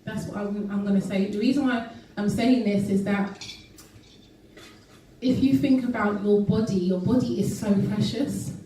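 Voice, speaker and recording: Woman guest speaker, earnest and chatty with many ums, mellow tone, far off in a very echoey hall. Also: medium pitch, fairly even intonation, moderate pace, slight background noise. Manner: earnest, with frequent ums and restarts. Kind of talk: casual health talk to an audience. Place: event hall.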